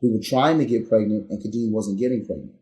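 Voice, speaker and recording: A man's voice: lowish voice, fast talker. Earnest man telling a story, roomy. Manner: earnest, builds to loud re-enacted arguments. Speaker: podcast guest. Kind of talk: candid storytelling.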